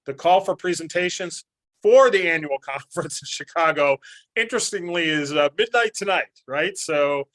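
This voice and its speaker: Male webinar host, somewhat high-pitched, rambling and folksy, video call. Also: moderate pace, fairly bright tone. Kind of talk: moderating a webinar Q&A and closing remarks.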